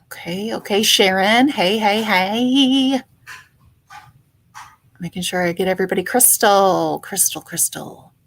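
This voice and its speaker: Woman hosting a livestream, unhurried, chatty and playful with her chat. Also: medium pitch. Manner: chatty, greets viewers warmly by name, playful. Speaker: livestream host. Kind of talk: casual livestream chat greeting viewers.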